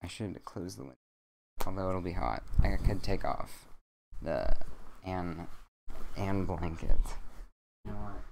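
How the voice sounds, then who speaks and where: A young man streaming from home at a desk mic, reading a bedtime story aloud with rambling, jokey deadpan asides. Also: sits low, unhurried, gravelly, pauses often, noisy background.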